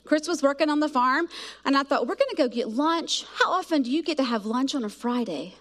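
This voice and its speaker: High-voiced woman preaching. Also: a little fast. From South Georgia, US. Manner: animated storytelling, acts out voices of herself and kids. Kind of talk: sermon with personal stories.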